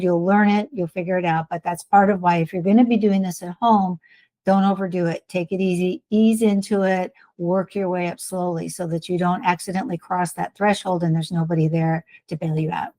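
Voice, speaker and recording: A woman's voice: lowish voice, steady tone, moderate pace, a little mellow, no room sound. A woman co-hosting a health podcast, giving plain-spoken, encouraging advice on exercise and breathing like a respiratory therapist. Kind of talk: casual advice chat.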